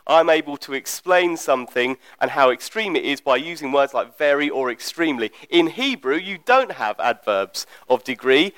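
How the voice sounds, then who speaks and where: A man's voice: fairly high pitch, animated, normal speed, few pauses, a bit bright, clean tone, no echo, rough recording. A man preaching a teaching sermon in a conversational, explanatory way, often checking in with the listeners.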